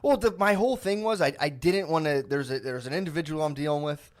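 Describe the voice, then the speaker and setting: A man co-hosts a podcast in casual conversation, rambling, putting himself down, and often restarting his sentences. He talks fast with a fairly high pitch.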